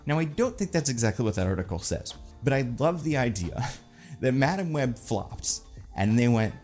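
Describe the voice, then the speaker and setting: A man's voice: medium pitch, sing-song, moderate pace, darkish tone, faint music behind. A man hosting casual, rambling movie commentary in a sarcastic, joking tone with lots of fillers. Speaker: film commentary host.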